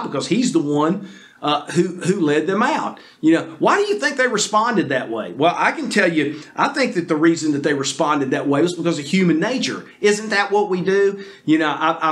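A man preaching a sermon in an earnest, plain-spoken way. His voice sits a little high for a man, and he often repeats and restarts words as he works through his point. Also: fairly bright tone. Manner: earnest, repetitive restarts, addresses listeners as folks. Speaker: pastor.

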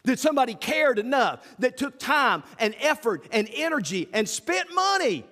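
A male pastor with a drawl preaches in a folksy, lively style, his fairly high voice leaping up and down in pitch. The sound carries a long church reverb. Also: normal speed. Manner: folksy, animated preaching with acted-out asides. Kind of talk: sermon. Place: church sanctuary.

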